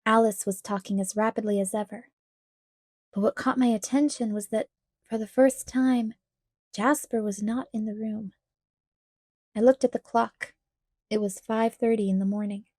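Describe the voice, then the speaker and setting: Woman reading a book aloud, kinda high mellow voice, very dry sound. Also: steady tone, normal speed, long pauses, dry recording. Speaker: audiobook reader. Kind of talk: scripted narration.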